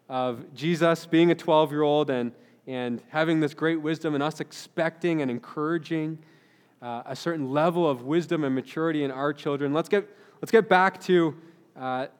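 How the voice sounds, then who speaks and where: A man in his thirties, a pastor giving an earnest, conversational sermon with frequent restarts. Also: on the high side. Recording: long hall reverb.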